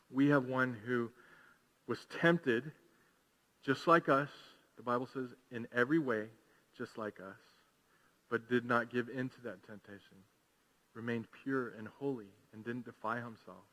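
A man preaching a sermon as pastor, swinging from hushed, slow passages to loud, fervent calls to the congregation. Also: medium pitch. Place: large church hall. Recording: long hall reverb.

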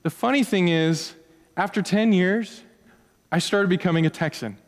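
A man preaching a sermon, climbing high on his questions and dropping soft on his key points. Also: moderate pace, in a large hall. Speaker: pastor.

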